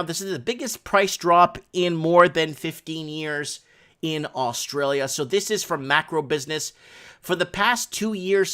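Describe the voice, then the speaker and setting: Man hosting a rambling market talk. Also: fairly high pitch. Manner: rambling asides, works sums out loud. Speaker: host of a housing market talk show. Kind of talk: reading news aloud with commentary.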